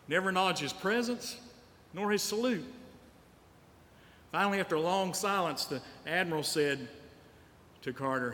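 Male pastor, storytelling sermon, a little high-voiced, in a church hall with long reverb. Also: sharp tone. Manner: storytelling preacher, repeats lines for emphasis. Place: church sanctuary.

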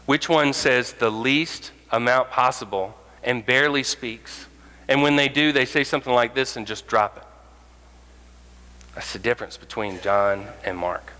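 A man preaching a sermon as pastor, animated and acting out the voices of the people in his stories. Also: mid-range voice, normal speed, long reverb tail, low-quality recording. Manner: animated, acts out quoted voices.

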